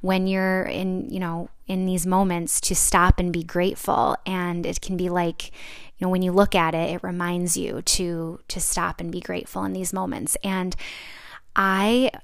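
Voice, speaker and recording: A young woman hosts her own podcast, chatting in a reflective way and filling her sentences with "like" and "um." Her voice is smooth and slightly low, recorded dry and close to the mic. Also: flat delivery, unhurried, no echo. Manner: reflective, chatty, with many fillers and restarts. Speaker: podcast host. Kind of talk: casual solo podcast talk.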